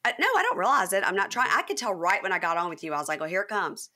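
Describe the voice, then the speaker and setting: A woman with a Mississippi Southern accent, hosting a casual chat and telling stories with quick asides. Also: mid-range voice, sing-song, pushed and bright. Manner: chatty storyteller, quick asides. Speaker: podcast host.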